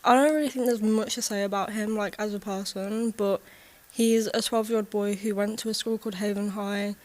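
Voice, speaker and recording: A woman's voice: mid-range voice, steady tone, a little fast, a little mellow. A woman co-hosting a casual true-crime chat, giving case facts in a matter-of-fact way with "like" fillers. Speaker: co-host presenting case facts.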